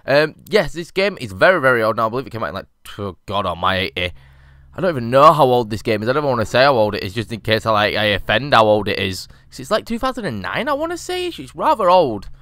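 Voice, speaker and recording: Sweary gamer lad, lively and bright. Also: male voice, medium pitch, fast, no echo, studio quality. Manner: sweary, cheeky, chatty. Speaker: gaming YouTuber. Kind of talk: casual let's-play commentary.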